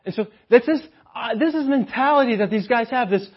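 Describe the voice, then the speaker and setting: A man's voice: extremely high pitch, brisk, few pauses, breathy edge, highs cut off. A man preaching a sermon with animation, often acting out mocking voices of the people he describes.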